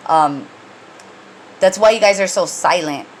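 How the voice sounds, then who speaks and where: A woman's voice: lowish voice, a little slow, a little hiss or hum, poor audio. A woman giving a casual tarot reading, rambling and conversational with many fillers and restarts, and blunt when she gets heated. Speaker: tarot reader.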